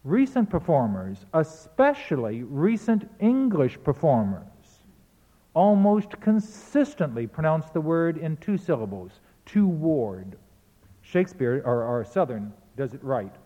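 Brief: precise male lecturer, a bit high, mellow tone, self-correcting. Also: very animated, unhurried, big-room sound, lo-fi sound. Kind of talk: spoken lecture on recordings and verse.

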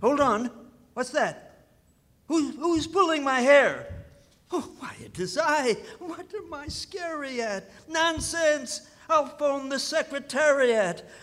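An actor playing a flustered, fussy official of the cosmos in a rhymed radio play, fretting theatrically in verse. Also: male voice, extremely high pitch, animated, takes it slowly, fairly bright tone, full character voice. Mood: fretful. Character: flustered cosmic official, fussy middle-aged man. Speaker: vice president in charge of physiochemistry.

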